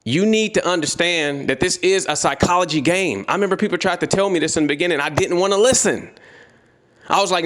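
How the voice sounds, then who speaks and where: A man's voice: high-pitched, a little fast, a bit bright. A man giving a blunt, profane motivational rant as a trading educator, repeating his points and confronting the listener directly.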